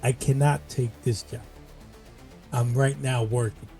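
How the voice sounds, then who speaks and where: A player putting on a New York-accented hired gun in a tabletop game, clipped and formal. He sounds firm and a little louder than the people around him. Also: medium pitch, steady tone, measured pace, faint music behind, lightly acted. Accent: put-on New York. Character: curt male hired gun, adult.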